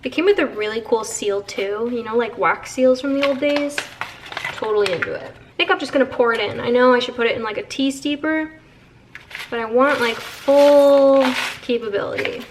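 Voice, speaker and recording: A woman's voice: a little high, moderate pace, noisy background. A young woman vlogging casually at home, chatty and playful as she shows things to the camera. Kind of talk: casual vlog chat. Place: home, indoors.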